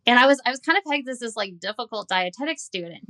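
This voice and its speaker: A woman's voice: fairly high pitch, expressive, quick pace, few pauses, pushed and bright. A woman in her forties, a dietitian, telling her personal story candidly and earnestly in an interview. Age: 40s. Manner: candid and earnest, recounting with quoted dialogue. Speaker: dietitian and guest.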